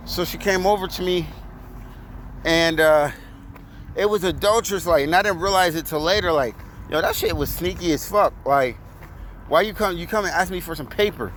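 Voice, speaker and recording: High-voiced man ranting outdoors. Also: normal speed, a little hiss or hum. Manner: profane, animated, laughing storytelling. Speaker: vlogger. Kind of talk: casual storytelling rant.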